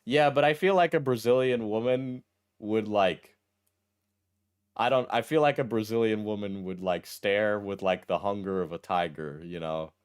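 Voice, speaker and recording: Wry man reading aloud with a smooth voice. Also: fairly low pitch, moderate pace. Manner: wry, deadpan asides between read passages. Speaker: streamer reacting to a text post. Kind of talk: casual commentary while reading aloud.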